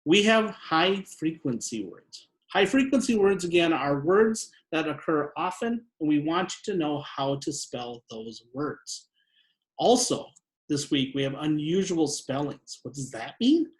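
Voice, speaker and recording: Slow, clear teacher in an echoey room. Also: male voice, on the high side, sing-song. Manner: slow, deliberate, repeats each word. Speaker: second grade teacher. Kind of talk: spelling lesson for children.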